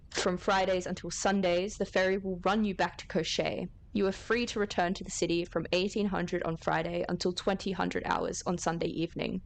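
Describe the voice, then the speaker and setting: A woman's voice: fairly low pitch, creaky. A woman playing a stern official rallying recruits. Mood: formal. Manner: formal, commanding speech. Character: stern official giving a rousing address to recruits.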